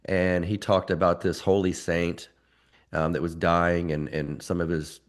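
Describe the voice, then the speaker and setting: A man speaking as a guest in a relaxed conversation, telling stories thoughtfully. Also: low-pitched, a little slow. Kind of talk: casual conversation.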